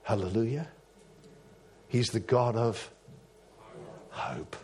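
A man preaching a sermon, telling a story with emphatic rises and hushed drops. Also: fairly high pitch, animated, normal speed. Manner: storytelling, rising to emphatic peaks and dropping to hushed tones.

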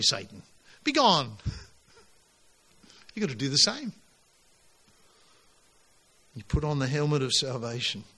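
A man preaching a sermon to his congregation, emphatic and animated, pushing his voice up on key lines. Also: medium pitch. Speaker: pastor.

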